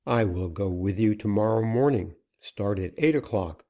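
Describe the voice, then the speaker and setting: A man's voice: on the low side, moderate pace, dark tone, natural voice. A man voicing a frightened male banker and former outlaw, stammering and pleading as he is cornered. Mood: guarded. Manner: stammering, pleading, rising in panic.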